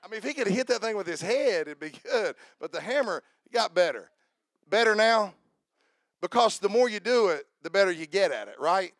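A man's voice: high voice, expressive, moderate pace, fairly bright tone, dry recording. A man preaching a sermon to his congregation, joking and repeating himself as he talks to people in the room by name. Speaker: pastor.

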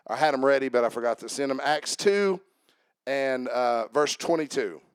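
A man preaching a sermon in church, reading scripture slowly and talking to the congregation in a folksy way, with frequent "um"s and calls of "amen?". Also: mid-range voice, clean tone, no room sound, clean studio sound. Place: church sanctuary.

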